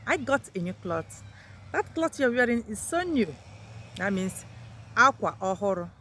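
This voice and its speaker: A woman's voice: sing-song, normal speed, a bit bright, a little hiss or hum. A woman teaching a vocabulary lesson, saying each new word in a lifted voice and repeating it before explaining. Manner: lifts words sharply in pitch when introducing them. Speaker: language teacher.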